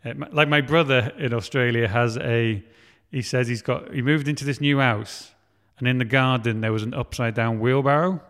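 A man's voice: medium pitch, fairly even intonation, moderate pace, fairly bright tone. A man in casual chat, talking in a chatty, self-mocking way and laughing often. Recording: long hall reverb.

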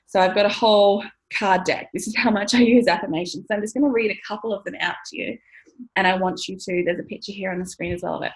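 A woman's voice: medium pitch, steady tone, quick pace, rough recording. A woman in her thirties, talking casually to camera as a money mindset coach, chatty, laughing often and swearing now and then.

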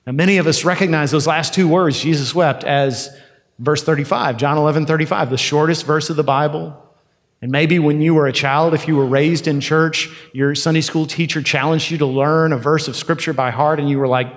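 A man's voice: fairly high pitch, brisk, in a large hall. A man preaching a sermon as pastor, talking conversationally and acting out quoted lines.

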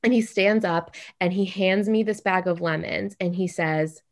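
A young adult woman telling a funny story in casual podcast chat, animated and full of "like". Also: lowish voice. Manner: animated, fast, heavy use of "like".

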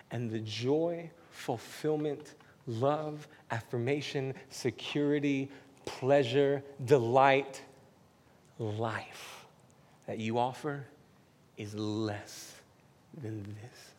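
A man preaching a casual, heartfelt sermon that moves between hushed whispers and loud, emphatic passages. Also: mid-range voice, takes it slowly. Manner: casual, uses "man" and "y'all". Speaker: pastor. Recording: hall with faint background noise.

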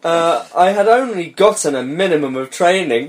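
A man's voice: on the high side, animated, normal speed. A young man reading a story aloud on a comedy podcast, breaking off for sarcastic, sweary remarks and frequent laughter.

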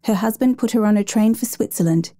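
A woman reading a story aloud in a measured, gentle storytelling manner. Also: mid-range voice, no echo. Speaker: narrator. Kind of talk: scripted story narration.

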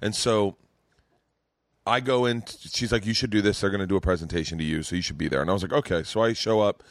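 A man's voice: lowish voice, dry recording. A man in his forties hosting a comedy podcast, telling stories in a rambling way with many restarts and raised-voice quotes of other people. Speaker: podcast host. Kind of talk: casual storytelling chat.

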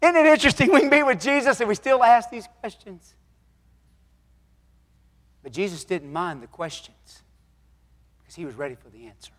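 A man preaching a sermon, telling folksy stories and swinging between loud exhortation and hushed moments. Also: very high voice, animated, normal speed, long pauses. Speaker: pastor. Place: church sanctuary. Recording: long hall reverb.

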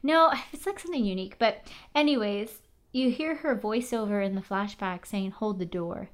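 A woman in casual recap chat, animated, swearing and using many fillers. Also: mid-range voice, normal speed.

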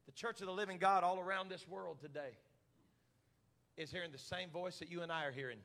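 Bright-voiced pastor preaching a sermon. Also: male voice, high voice, brisk. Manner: preaching with rising shouted fervor. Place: church sanctuary.

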